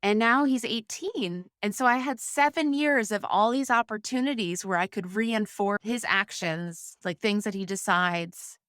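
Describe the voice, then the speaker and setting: In a clean studio recording without echo, a podcast guest in her forties talks candidly about sobriety and parenting, rambling through restarts and fillers in conversational interview style. She speaks at medium pitch and a measured pace with few pauses, and her voice is a bit bright.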